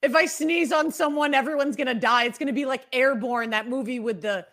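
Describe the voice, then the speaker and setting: A woman's voice: sits high, brisk. A woman in her thirties from New England, hosting a casual podcast chat and telling stories with animation. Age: 30s. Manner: animated storytelling, acts out her past self. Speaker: podcast host.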